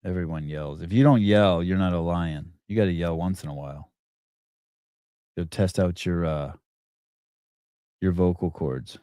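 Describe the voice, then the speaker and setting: Rambling low-voiced man hosting a chat show. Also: unhurried, long pauses, clear, resonant tone, dry recording, studio quality. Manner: rambling, restarts often, shouts quoted yells. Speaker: podcast host. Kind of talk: casual morning show chat with callers.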